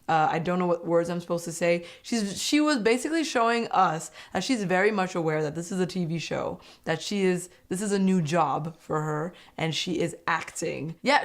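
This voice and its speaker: A young woman recapping a reality dating show in a casual, animated and opinionated way, laughing often. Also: lowish voice. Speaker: host.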